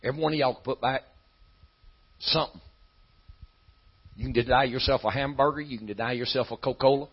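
A man preaching a sermon in a folksy style that climbs into shouting. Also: mid-range voice, brisk, long pauses, slightly rough, dull audio.

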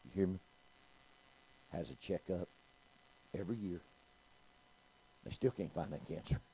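A man's voice: deep voice, measured pace, warm tone, a little hiss or hum, poor audio. A middle-aged man, preaching a sermon and telling a story, calling out to his congregation. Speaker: pastor.

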